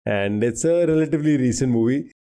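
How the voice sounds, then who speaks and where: A man's voice: mid-range voice, fast, warm tone. A man from India on a quiz podcast, guessing answers aloud in a jokey, casual way. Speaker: quiz co-host.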